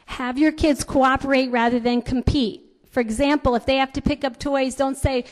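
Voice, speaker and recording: A woman's voice: sits high, normal speed, few pauses. A woman in her fifties giving a talk on raising children, chatty, telling stories with many fillers and restarts. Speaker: parenting speaker.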